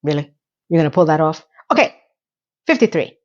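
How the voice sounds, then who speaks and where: A woman's voice: a little high, animated, normal speed, muffled recording. A woman recapping a TV episode, ranting with exasperated, incredulous rhetorical questions. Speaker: TV recap reviewer.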